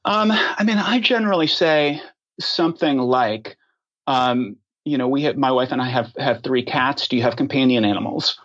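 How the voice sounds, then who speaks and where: A man speaking as a podcast guest, thoughtful and unhurried, with many ums and restarts. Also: medium pitch, a bit bright, highs cut off. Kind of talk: casual interview talk.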